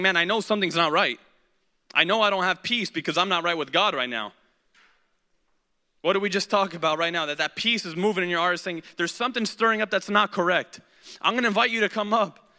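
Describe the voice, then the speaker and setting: A man preaching a sermon and giving an altar call, earnest and pleading, with repeated invitations to come up. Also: high voice. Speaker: pastor. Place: church sanctuary. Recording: hall reverb, music playing softly behind.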